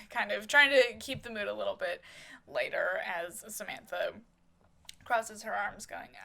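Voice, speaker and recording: A woman's voice: medium pitch, a little slow, vocal fry, sharp tone. A woman casually narrating a life-sim soap opera as she plays, describing each action with many fillers.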